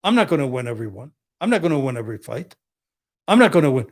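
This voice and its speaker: An older man who works as a criminal defense attorney tells blunt, profane tough-guy stories in casual conversation, acting out the quotes. His mid-range voice is very animated and he speaks at a quick pace.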